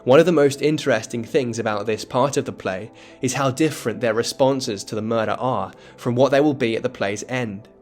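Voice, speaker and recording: A man giving scripted educational narration that explains a play, in a measured, dramatic storytelling tone. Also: medium pitch, darkish tone, soft background music. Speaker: literature explainer.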